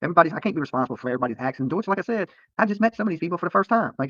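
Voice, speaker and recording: Fast, lively man ranting on a livestream. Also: fairly high pitch, no echo, dull audio. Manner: profane, rambling, defensive, repeats "okay?". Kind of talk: livestream rant to viewers. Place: roadside outdoors near a protest.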